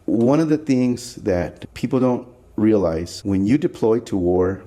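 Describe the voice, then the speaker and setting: A man as a podcast guest, telling his story in a loose, chatty way and acting out the people he quotes. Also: measured pace. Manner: animated, acts out quoted people with jumps in pitch; loose and chatty, many "like" fillers. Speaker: podcast guest, pinstripe artist. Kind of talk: casual storytelling conversation.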